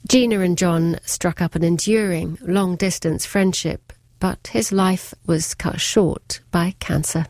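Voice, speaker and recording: A woman interviewer asking gentle, probing questions and narrating. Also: fairly low pitch, unhurried, few pauses, no room sound.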